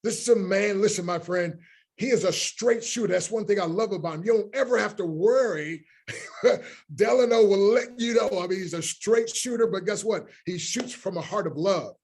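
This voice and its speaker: A man hosting a live online call, welcoming a long list of attendees by name with excited, effusive energy before introducing the next speaker. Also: sits high, moderate pace, breathy edge. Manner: enthusiastic, effusive greeting of many names. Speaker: host.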